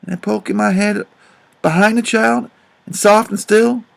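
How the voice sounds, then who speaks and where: Guy doing a gravelly grieving dad with a drawl, high-ish voice, busts out loud sometimes. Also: fairly even intonation, normal speed. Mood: anguished. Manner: drawling, swells to loud outbursts. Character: grieving remorseful grown father, rough and tender. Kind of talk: audiobook character reading.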